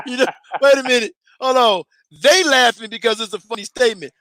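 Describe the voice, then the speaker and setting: High, bright-voiced man laughing on a podcast. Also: normal speed, gravelly, no room sound. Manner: laughing, profane, acts out quotes. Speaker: podcast co-host. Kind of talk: casual boxing podcast banter.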